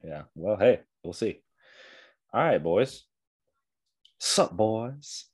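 A man hosting a casual podcast chat in a somewhat low voice. He jokes around and swears freely. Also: big pitch swings, very slow, a little mellow, slightly rough, no echo, studio quality. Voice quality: profane, joking.

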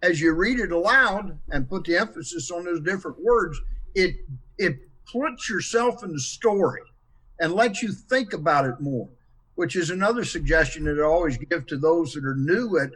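A man's voice: on the high side, animated, moderate pace, a bit bright, recorded from a distance, low-quality recording. A man in a casual Bible study discussion who explains his points earnestly and quotes scripture.

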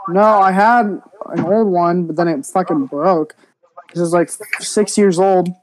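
A man's voice: high-pitched, unhurried, background noise. A young man, a guest on a casual podcast, teasing and sarcastic with his friends. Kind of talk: casual chat.

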